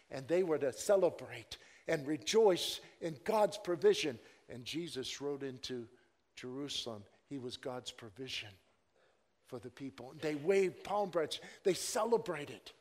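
A male pastor preaching a sermon, swinging from hushed, low passages to loud, shouted exclamations. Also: long reverb tail.

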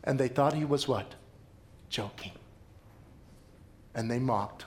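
A man's voice: mid-range voice, takes it slowly, pauses often. A man preaching a sermon as a pastor, telling stories dramatically and repeating lines for emphasis. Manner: dramatic storytelling with emphatic repetition.

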